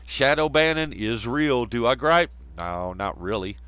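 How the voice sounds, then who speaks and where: Brief: male live streamer, unhurried, rambling and jokey, dry close sound. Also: medium pitch, animated, a bit bright, clear, resonant tone, dry recording. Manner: rambling, laughs often, banters with chat. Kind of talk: casual live stream chat.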